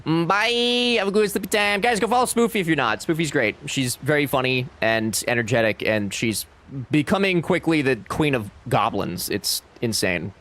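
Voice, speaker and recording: A man's voice: medium pitch, fairly bright tone. A young man streaming a game live, chatting casually and animatedly with his chat and friends, swearing freely.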